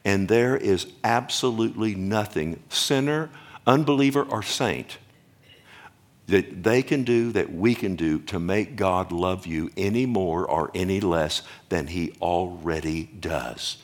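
A man's voice: low-pitched, measured pace. An older man preaching a sermon in a folksy, emphatic way, often asking the congregation questions. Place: church or stage before a congregation.

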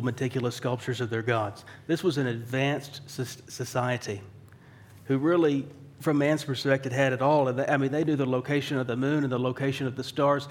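Male pastor, mid-pitched, conversational sermon delivery, wry asides, rhetorical questions. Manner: conversational preaching, asks the room rhetorical questions; dry wry humor.

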